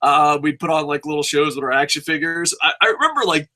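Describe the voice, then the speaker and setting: Bright-voiced profane storytelling man. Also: fairly high pitch, lively intonation, quick pace. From New Jersey. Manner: profane, laughs often while talking. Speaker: podcast host. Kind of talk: casual storytelling.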